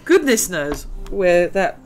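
Slow, gravelly middle-aged woman. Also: lowish voice, big pitch swings, soft background music. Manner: chatty, rambling, giggly asides. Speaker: gaming video host. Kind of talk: casual let's-play commentary.

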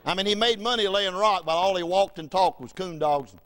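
Preacher, male, high-pitched, folksy storyteller, big swings in volume. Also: fairly quick. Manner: folksy, wide swings from loud to hushed. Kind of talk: storytelling sermon.

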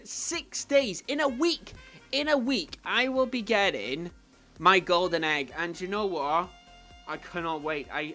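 A man hosting his own gaming channel, giving chatty gameplay commentary that swings between low mumbling and excited squeals. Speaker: YouTube gaming channel host. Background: faint background music.

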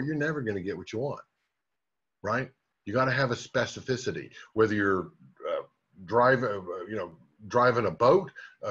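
A man's voice: medium pitch, a bit bright, breathy edge. A man giving a motivational business training talk, speaking directly to his listeners and coaching them with frequent "right?" and "okay?" checks. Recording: dull lo-fi recording.

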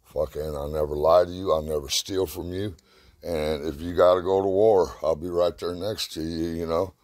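A man's voice: sits low, fairly even intonation, moderate pace, darkish tone. A middle-aged man telling rambling, profane stories from his past in casual talk, sounding short of breath. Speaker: storyteller. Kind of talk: casual spoken memories.

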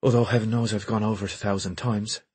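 A man's voice: on the low side, little pitch movement, fast talker, darkish tone, slightly rough, dry recording, voice pushed up. A man voicing a serious Irish nanny in her thirties, telling her story earnestly. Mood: apologetic.

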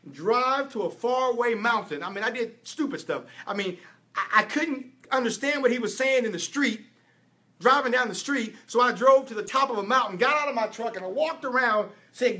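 Bright high-voiced man preaching. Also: animated, normal speed. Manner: emphatic storytelling, rising and falling with repetitions. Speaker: apostle and preacher. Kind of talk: sermon teaching with testimony.

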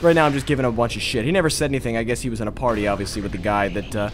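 A man's voice: medium pitch, very fast, slight background noise. A man giving casual, profane commentary over his own gameplay footage, worked up as he retells the match. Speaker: gaming commentator.

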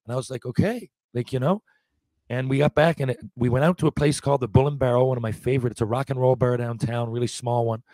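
A man in his forties, a podcast guest, telling lively anecdotes in casual talk, acting out what people said and often restarting his sentences. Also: medium pitch, fast, no room sound. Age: 40s. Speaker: podcast guest, former hockey player. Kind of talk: casual storytelling.

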